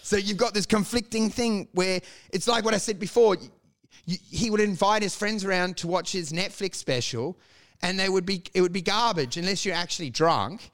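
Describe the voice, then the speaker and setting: As co-host of a crude comedy podcast, this Australian man mocks and rants, laughing and swearing freely. His voice is high-pitched with a fairly bright tone, at moderate speed.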